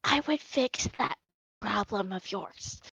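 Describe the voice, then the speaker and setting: A woman voicing a fussy, cryptic old male wizard gnome who talks slowly and in hushed tones. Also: mid-range voice, gravelly, slightly rough, no echo, voice pushed down, exaggerated voice. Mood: sly.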